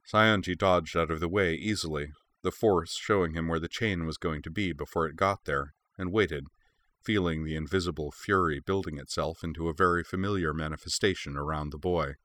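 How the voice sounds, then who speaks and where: A man narrating a fan fiction story in a steady, clear storytelling manner. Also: deep voice, fairly quick. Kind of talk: audiobook reading of fan fiction.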